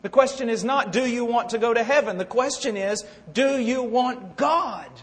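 Male preacher, very high pitch, impassioned sermon, reverb of a large hall. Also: moderate pace. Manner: impassioned, swings from hushed to loud.

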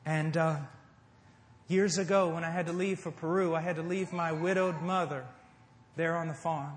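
A high-voiced middle-aged American man delivers a fervent sermon. His voice rings through an echoey hall, swelling into forceful emphasis and then falling to soft, earnest pleading. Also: steady tone, normal speed. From United States. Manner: impassioned preaching, swinging between loud emphasis and hushed tenderness. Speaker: preacher. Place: church service before a congregation.

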